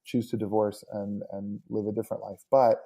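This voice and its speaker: A worship leader appears as a podcast guest in a casual interview chat, speaking earnestly about connecting with people and warmly about his community. His voice is lowish, with little pitch movement and a slightly fast pace.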